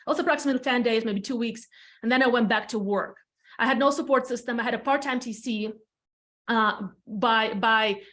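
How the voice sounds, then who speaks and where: Guesting on a podcast, a real estate team leader from Latvia, in her thirties, recounts her story frankly and chattily in a Latvian accent. She swears casually and repeats phrases to stress points, her voice a little high with a fairly bright tone.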